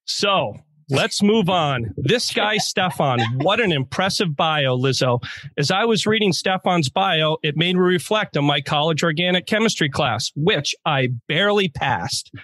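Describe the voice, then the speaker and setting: A man's voice: fairly high pitch, expressive, unhurried, fairly bright tone, no room sound. A man co-hosting a podcast, telling jokey stories in a playful, casual way. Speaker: podcast co-host.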